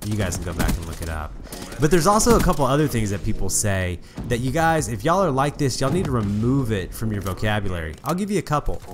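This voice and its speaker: A man talks straight to his viewers in an emphatic, preachy, conversational way, stumbling and restarting as he makes his point. His voice sits at an ordinary pitch. Clear background music plays under the voice-over. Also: very animated, quick pace. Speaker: gaming commentary host. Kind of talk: casual voice-over commentary. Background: music playing under the voice.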